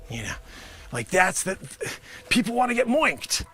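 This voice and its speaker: Guy riffing a comedy bit, high bright voice, bouncy and rambly. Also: unhurried, faint music behind. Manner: animated, rambling, shouts now and then. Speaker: comedian host. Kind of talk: improvised comedy monologue. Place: home studio with green screen.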